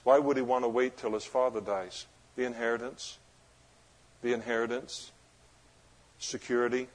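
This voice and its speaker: A man preaching a sermon as pastor, moving between loud emphatic passages and low, quiet explanation. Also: steady tone, moderate pace.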